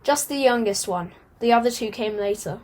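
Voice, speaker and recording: A woman's voice: fairly high pitch, normal speed, a little mellow, lightly acted. A woman voicing a restless young male house cat who longs for the wild in a storybook reading, speaking earnestly and with determination.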